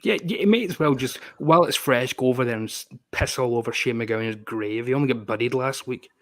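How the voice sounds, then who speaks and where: A man's voice: mid-range voice, fairly quick, no echo. A man in a casual panel chat, ranting about music with sarcasm and plenty of swearing. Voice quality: sarcastic, swears a lot, mocking. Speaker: panelist on a music talk stream.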